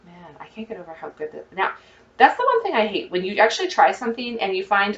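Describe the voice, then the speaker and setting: A woman chatting excitedly to her viewers as she cooks, thinking out loud in a casual vlog. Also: medium pitch, quick pace, reverberant, recorded from a distance, muffled recording. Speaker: cooking vlogger. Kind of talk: casual cooking vlog, talking to camera. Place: home kitchen.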